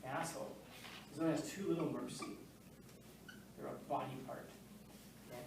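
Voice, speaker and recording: A man's voice: fairly high pitch, steady tone, normal speed. A male teacher giving a casual, joking classroom lecture, full of fillers and questions to the class. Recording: echoey classroom, mic far off, faint noise.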